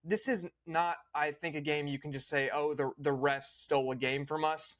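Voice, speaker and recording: A young man hosting a casual recap, opinionated and fluent, with quick small restarts. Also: a little high, fairly even intonation, a bit bright. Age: young adult. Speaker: host.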